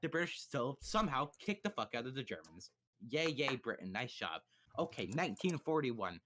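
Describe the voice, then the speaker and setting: A young man streaming from home, launching into a profane, sarcastic retelling of history. He rambles, stumbles and restarts, swearing often. His voice sits at an ordinary middle pitch. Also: bright, forceful tone. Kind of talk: profane comedic history rundown.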